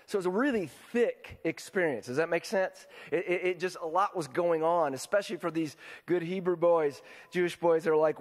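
The speaker, a pastor with a fairly high voice, preaches at normal speed with few pauses in a large hall. His tone is conversational, and he often asks his listeners questions.

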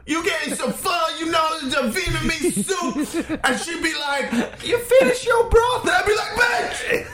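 A man putting on a cocky stand-up comic who bellows and swears, pitched well above his own voice and cackling through his punchlines. It sounds like an echoey room with loud music playing behind him. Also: expressive, unhurried. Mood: brash shouting.

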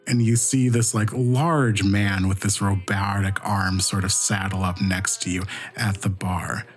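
A man's voice: lowish voice, fairly even intonation, normal speed, hardly any pauses, faint music behind. A man running a tabletop role-playing game, narrating scenes with many fillers and restarts. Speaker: game master.

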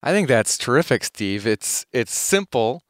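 A man hosting a podcast interview who talks in a casual, halting way and repeats words as he thinks. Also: medium pitch, big pitch swings, a bit bright, no echo, clean studio sound. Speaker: podcast host.

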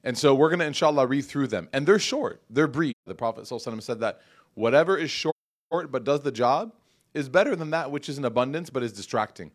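An Islamic lecturer gives a casual religious talk to a live audience in a mosque hall, speaking conversationally with lots of fillers and restarts. His voice is mid-range, with lively intonation and a quick pace.

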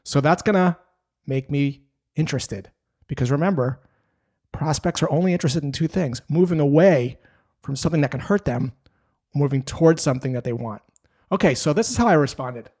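A man giving a sales lesson in an energetic, emphatic way, telling stories and breaking down steps. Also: fairly high pitch, brisk. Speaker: sales trainer. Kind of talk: instructional talk to camera.

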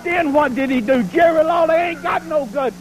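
A man's voice: very high voice, moderate pace, low-quality recording. A man cutting a boastful, taunting wrestling promo in rhyming, preacher-like brags, heard from an archive TV clip. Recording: archive TV clip with cheering crowd.

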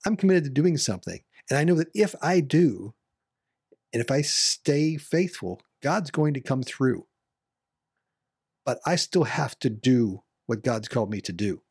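Reflective man with a husky voice. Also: medium pitch, animated, a little slow, darkish tone, no room sound, clean studio sound. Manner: reflective, emphatic. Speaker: discussion panelist. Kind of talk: bible study discussion.

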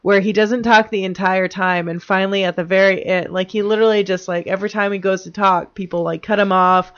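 A woman's voice: medium pitch, fairly even intonation, brisk. A woman co-hosting a podcast in casual chat, laughing easily and eagerly telling movie anecdotes. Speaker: podcast co-host. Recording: dull lo-fi sound.

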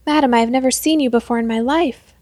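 A woman's voice: sits high, quick pace, a little mellow, no room sound, natural voice. A woman voicing a frightened male thief who cries out and pleads with his captors. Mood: pleading, alarmed.

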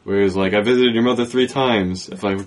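A man's voice: lowish voice, fairly even intonation, fast talker. A man in casual movie talk who throws in short, dry remarks.

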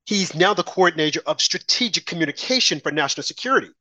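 A man's voice: on the high side, animated, fast, pushed and bright, dry recording. A man giving an indignant, scoffing political monologue, mocking opponents by mimicking them. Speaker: political commentator.

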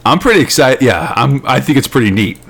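A man's voice: mid-range voice, expressive, brisk, gravelly, fairly bright tone. A man co-hosting a casual chat, rambling with many fillers and restarts, laughing often. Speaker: podcast co-host.

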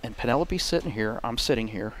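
A man's voice: mid-range voice, lively intonation, fairly quick, a little hiss or hum. A man in his forties telling a long story in casual chat, rambling and profane, laughing at his own tale. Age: 40s.

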